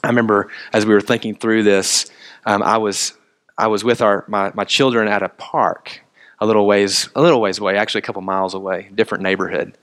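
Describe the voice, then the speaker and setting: A man's voice: on the low side, flat delivery, brisk, fairly bright tone. A man, a minister preaching a sermon and telling stories from his neighborhood life. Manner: storytelling, quotes others in conversation.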